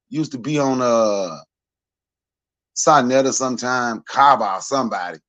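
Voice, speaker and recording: A man's voice: medium pitch, no echo, highs cut off. A man in his forties speaking as a podcast panelist in a blunt, profane, heated rant.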